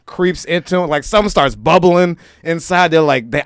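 A man hosting a podcast, talking in a casual, animated rant and mocking other people's voices. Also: a little high, moderate pace, hardly any pauses, smooth, no echo. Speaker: podcast host. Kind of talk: casual ranting chat.

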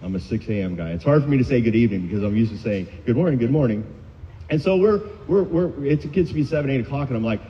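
A man's voice: mid-range voice, lively intonation, quick pace. Middle-aged man, candid recovery share, self-mocking storyteller, dull muffled sound, long hall echo. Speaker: recovery meeting speaker.

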